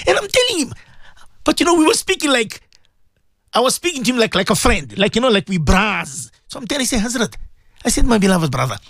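A man, hosting a radio talk show and retelling a story in an animated, repetitive way. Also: extremely high pitch, no echo, clean studio sound. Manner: animated storyteller, repeats words and restarts.

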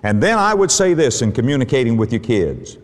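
A man's voice: medium pitch, sing-song, fairly quick. A middle-aged man preaching a sermon with an emphatic, repetitive cadence. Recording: hall reverb.

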